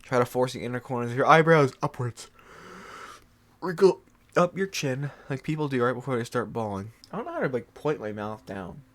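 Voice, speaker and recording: A woman's voice: a bass voice, lively intonation, a little fast. A woman in a casual comedic vlog, whining in fake sobs and keeps breaking into giggles. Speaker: comedic vlogger.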